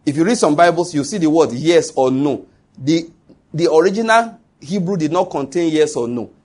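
Husky preacher man. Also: fairly high pitch, moderate pace, darkish tone. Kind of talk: sermon.

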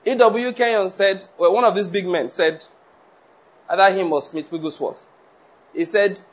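A man's voice: high-pitched, normal speed. A man preaching a Bible-study sermon, reading scripture aloud and earnestly repeating his points for emphasis. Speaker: pastor teaching a Bible study.

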